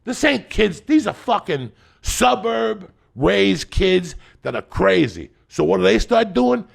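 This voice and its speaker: A man telling a profane comic story as a podcast guest, swinging from loud shouting bursts to low muttering. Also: big pitch swings, takes it slowly. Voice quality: gravelly.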